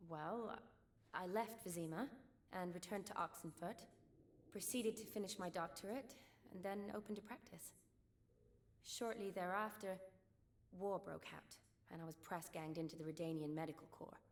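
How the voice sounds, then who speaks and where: An actress playing a composed young female doctor in a video game, measured and precise in her speech. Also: lowish voice, steady tone, close to an everyday voice.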